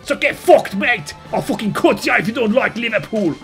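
A man doing a brash, high-pitched English soccer hooligan. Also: lively intonation, normal speed, faint music behind. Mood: belligerent. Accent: put-on English. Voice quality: shouty, swaggering, profane. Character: rowdy young male English soccer hooligan, aggressive.

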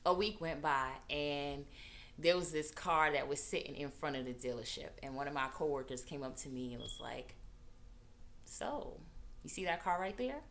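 Animated woman telling a story. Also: moderate pace, a little hiss or hum. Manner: animated, acts out quotes with big pitch jumps. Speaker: vlogger. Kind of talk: casual storytelling.

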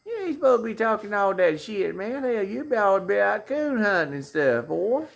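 A man with a Southern US accent voicing a teasing, rowdy Southern buddy in a high, mocking drawl. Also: sing-song, moderate pace, vocal fry, exaggerated voice.

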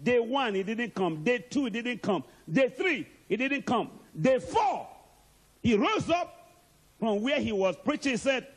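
A male preacher delivers an emphatic sermon and calls out to the congregation for answers. His voice is high and husky, and it swings widely in pitch. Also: sing-song, a little slow. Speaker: archbishop, preacher.

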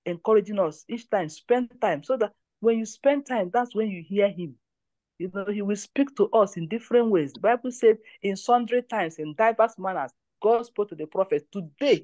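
A woman's voice: medium pitch, darkish tone, no room sound. A woman leads a prayer line, giving testimony and exhortation in an emphatic, repetitive way. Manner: emphatic, repeats phrases.

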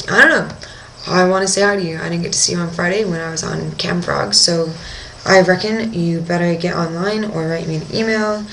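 A woman's voice: fairly low pitch, fairly bright tone, slight background noise, low-quality recording. A young woman working as a dive instructor, telling a diving story in a casual video diary and acting out her own reactions.

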